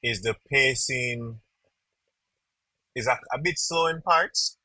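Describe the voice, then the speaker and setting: A man's voice: medium pitch, takes it slowly, sharp tone, no echo, rough recording. A young man, hosting a casual podcast chat and animatedly stumbling over repeated words while he searches for them. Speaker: podcast host.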